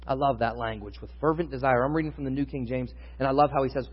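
A man's voice: medium pitch, fairly even intonation, fast, breathy edge. A man preaching a sermon in a conversational teaching style, building in intensity at times. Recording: muffled sound with long reverb in a hall.

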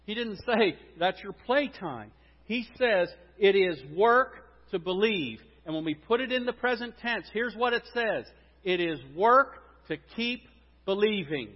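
Emphatic high-voiced male preacher in a hall. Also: expressive, measured pace. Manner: emphatic, swinging from loud stresses to quiet drops. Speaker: pastor. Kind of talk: sermon. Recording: dull sound with long reverb in a hall.

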